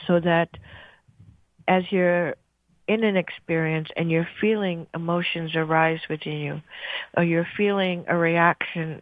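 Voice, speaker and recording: A woman radio host slowly guiding listeners through a breathing meditation in a soothing, gentle way. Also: lowish voice, no echo. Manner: slow, soothing, gentle guidance. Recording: tinny phone-like line.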